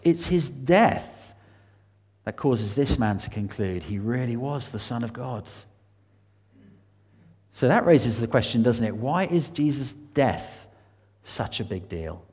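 A man's voice: medium pitch, expressive, slow, long pauses, darkish tone, big-room sound. A man preaching an earnest sermon in a church, his voice rising and falling for emphasis.

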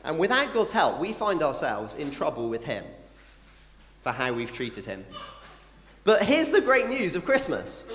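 A man preaching to a mixed church crowd of families, playful and animated, tossing asides to the children. His voice sits a bit high and swings widely in pitch. It rings out in an echoey hall with a long reverb tail. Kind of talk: family Christmas sermon.

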